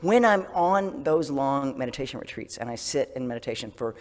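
A man giving a casual sermon as a Zen priest, self-deprecating and laughing often, dropping to a soft whisper for gentle self-talk. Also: medium pitch, lively intonation, brisk, long reverb tail.

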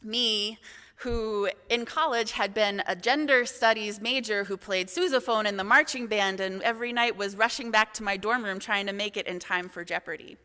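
Bright-voiced woman telling a story. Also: medium pitch, moderate pace. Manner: candid storytelling, self-deprecating. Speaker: assistant minister. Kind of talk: sermon reflection. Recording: reverberant hall sound.

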